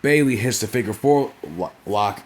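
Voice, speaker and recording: A man's voice: on the low side, lively intonation, moderate pace, slight background noise. A young man casually recapping a wrestling show, rambling and profane, forever tagging on "right?" and "you know what I'm saying?".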